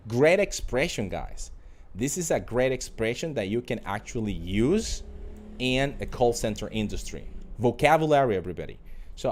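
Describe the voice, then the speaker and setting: A man's voice: medium pitch, sing-song, moderate pace, darkish tone. Man teaching a live online English class. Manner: drills phrases by repeating them; addresses viewers directly as a group.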